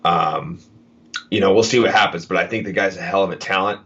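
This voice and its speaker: Man, 30s, very low voice, earnest rambling guest, lo-fi call audio. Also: a little fast, fairly bright tone. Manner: earnest, rambling with many fillers. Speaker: guest fighter. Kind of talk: casual interview chat. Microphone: video call. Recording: dull lo-fi video call audio.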